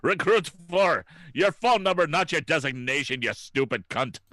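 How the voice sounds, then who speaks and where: A man's voice: a little high, expressive, normal speed, sharp tone, no echo. A man doing a foul-mouthed drill sergeant. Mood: barking. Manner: barking orders, insulting. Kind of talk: improvised game voice acting.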